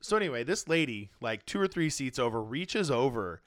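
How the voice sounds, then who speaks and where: A man's voice: mid-range voice, fairly quick. A man in casual chat, telling a story with lots of swearing and acting out what other people said. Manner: animated, swears freely, acts out other people's lines.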